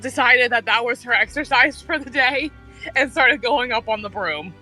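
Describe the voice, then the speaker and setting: A woman's voice: on the high side, moderate pace, bright, forceful tone, soft background music, rough recording. A woman player in a tabletop game, chatting casually as she describes her character's actions.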